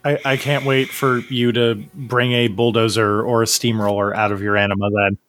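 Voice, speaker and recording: A man hosts a tabletop game podcast with easy warmth toward his players. His voice sits at an ordinary middle pitch. He laughs often and apologizes quickly when he gets a fact wrong. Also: level tone, a little hiss or hum. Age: adult, married. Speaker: game master and show host. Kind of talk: podcast outro and casual tabletop chat.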